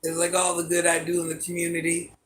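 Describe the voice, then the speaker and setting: Delivered fast and completely flat in a lowish voice, this is a woman in her fifties hosting a livestream from home. She reads viewers' comments aloud and answers each one in an easygoing, casual way.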